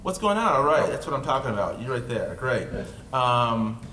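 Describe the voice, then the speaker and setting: A man's voice: medium pitch, very animated, normal speed, pushed and bright. A man with an upstate New York accent, an author talking casually on a panel to an audience and making self-deprecating jokes. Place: dark indoor event room. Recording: roomy event-room recording, faint noise.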